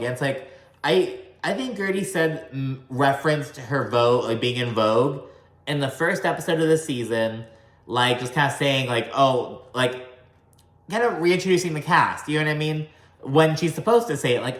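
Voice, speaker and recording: A man recapping a reality show in a casual, profane vlog, talking fast and slurring words together, with a slight country twang. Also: mid-range voice, animated, fairly bright tone, roomy sound. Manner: chatty, swears often, says "like" a lot.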